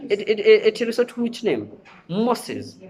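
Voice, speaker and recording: A man's voice: high-pitched, sing-song, unhurried, a little mellow. A man teaching a televised lesson, repeating himself and often checking that viewers follow. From Kenya. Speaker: sign language teacher.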